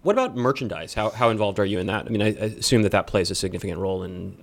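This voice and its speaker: A male podcast host with a fairly low voice. He keeps his questions short and casual, backing his guest with quick acknowledgments and easy laughter. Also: lively intonation, creaky. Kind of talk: casual interview.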